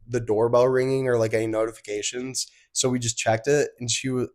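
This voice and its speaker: A young man with a hoarse voice from being sick, telling a story in a casual podcast chat, animated and swearing freely. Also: mid-range voice. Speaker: podcast co-host.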